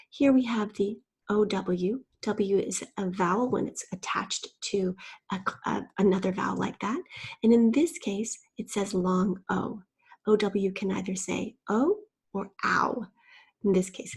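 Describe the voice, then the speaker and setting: A woman's voice: fairly high pitch, creaky, a little mellow, breathy edge. A woman teacher patiently explaining spelling rules in a playful, step-by-step way. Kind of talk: spelling lesson.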